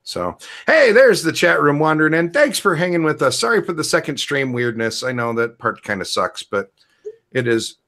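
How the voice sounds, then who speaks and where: A man's voice: on the high side, expressive, moderate pace, bright, forceful tone. Male co-host, casual streamed chat, loose and easygoing. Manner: loose, laughing, talks to live chat. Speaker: podcast co-host.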